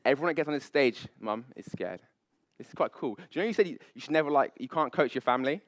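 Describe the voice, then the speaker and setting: A man, a public speaking coach, leading a live seminar on stage with high energy, playful banter and frequent laughs. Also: lively intonation, quick pace, no echo, clean studio sound. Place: event stage before an audience.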